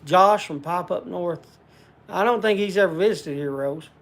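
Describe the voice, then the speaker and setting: A man's voice: sits high, normal speed. An older man hosting a casual livestream, rambling in a folksy country way and answering viewer comments. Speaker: livestream host.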